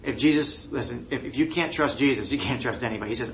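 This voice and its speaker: A man's voice: medium pitch, quick pace, highs cut off, slight background noise. A man preaching a sermon in an earnest, searching way, often restarting and using fillers. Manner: earnest, with many restarts and "you know" fillers. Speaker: pastor.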